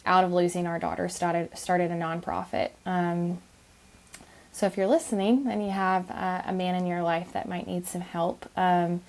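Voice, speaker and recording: Gravelly-voiced woman, hesitant and gentle. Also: on the low side. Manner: soft-spoken, many ums and restarts. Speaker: podcast guest. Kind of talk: conversational interview.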